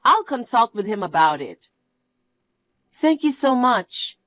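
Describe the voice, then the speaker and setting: Young woman, storyteller, outspoken, lively pitch, dry close recording. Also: slow, dry recording. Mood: calm. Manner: indignant, outspoken. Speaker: storyteller, main character. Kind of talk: one-voice story narration.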